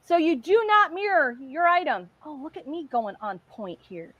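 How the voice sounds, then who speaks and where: A middle-aged woman hosting a casual craft livestream, chatty and excitable as she demonstrates while talking. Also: high-pitched, normal speed, dry recording, muffled recording.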